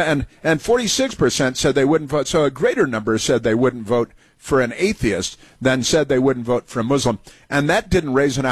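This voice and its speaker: A male talk radio host riffing through political commentary, sarcastic and mocking, stumbling over filler words as he goes. His voice sits at a middle pitch. It is recorded dry and close, with no room sound. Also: husky, no room sound.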